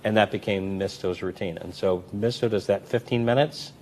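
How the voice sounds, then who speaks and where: Guy with a low voice, a magician chatting in an interview, acts out the quotes big, faint hum behind. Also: normal speed. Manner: animated, acts out quoted voices with big swings in pitch and loudness. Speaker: magician and comedy performer, interview guest. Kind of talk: anecdotal storytelling in an interview.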